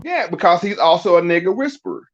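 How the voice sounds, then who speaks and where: A middle-aged man talks through his ideas in a casual podcast chat, pressing his points with rhetorical questions. His voice sits a little high for a man. The recording sounds dull and lo-fi. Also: fast. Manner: animated, emphatic explaining with rhetorical questions. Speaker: podcast guest.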